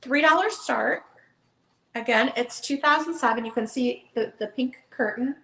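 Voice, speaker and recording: A woman's voice: high-pitched, moderate pace, creaky, bright, forceful tone. A woman hosting a live online book sale, chatty and upbeat, calling out bids. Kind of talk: casual live auction chat. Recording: echoey room.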